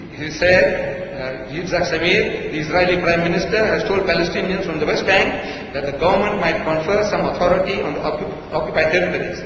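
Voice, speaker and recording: A man with a high voice gives a sarcastic, emphatic debate speech full of rhetorical questions. He is recorded from a distance in a large, echoing hall with a long reverb. The sound is dull and lo-fi. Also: noisy background.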